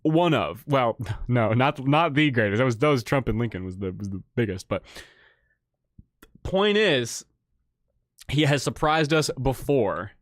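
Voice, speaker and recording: A man hosting a livestream, reading an AI-written story aloud and reacting excitedly, often repeating himself. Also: mid-range voice, measured pace, pauses often, no room sound, clean studio sound. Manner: excitable, laughing and tripping over words. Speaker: livestream host.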